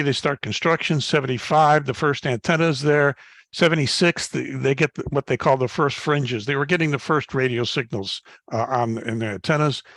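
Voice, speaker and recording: A man's voice: mid-range voice, fairly bright tone, no echo. An older man in his seventies from Chicago, giving a slide talk to an astronomy club as guest speaker and telling folksy stories with plenty of fillers and restarts. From Chicago, United States. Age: 70s. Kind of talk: slide talk with personal anecdotes.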